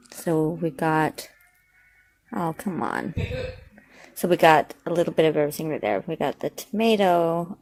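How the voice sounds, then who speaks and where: A woman's voice: deep voice, a little mellow. A woman hosting a home cooking vlog, talking casually with lots of fillers and restarts as she cooks in her kitchen. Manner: rambling, chatty, lots of fillers and self-corrections.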